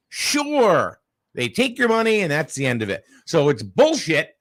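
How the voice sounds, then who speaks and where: A man's voice: a little high, measured pace. A man hosting a casual morning radio chat, telling a story and acting out its voices. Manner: animated storyteller, acts out voices in anecdotes. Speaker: radio show host.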